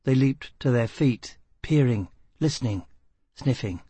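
A man narrating a novel as an audiobook reader, in a steady, dramatic storytelling manner. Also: mid-range voice, unhurried, slightly rough, no echo. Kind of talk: scripted narration.

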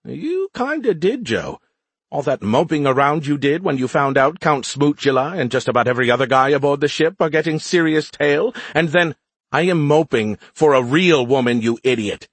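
A man's voice: on the high side, lively intonation, moderate pace, fairly bright tone, slightly rough, dry recording, exaggerated voice. A man voicing a perky, smug male AI in a beer can, teasing and snarky, for an audiobook. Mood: mocking. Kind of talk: audiobook character voice.

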